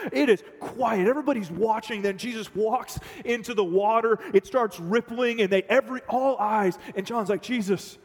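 A man preaching a sermon as pastor, dramatic, swinging between loud outbursts and hushed near-whispers. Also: on the high side, long reverb tail.

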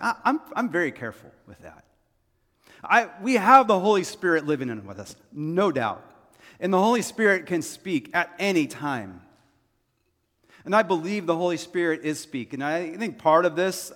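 A man's voice: fairly high pitch, a bit bright. A man who is a senior pastor, giving an earnest, conversational sermon to his congregation and repeating key phrases. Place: church sanctuary. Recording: long hall reverb.

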